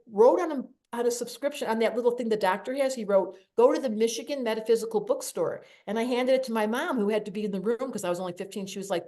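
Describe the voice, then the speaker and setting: A woman hosting a podcast interview, telling personal stories in an animated, emotional way. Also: a little high, fast, few pauses. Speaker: podcast host. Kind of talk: conversational interview.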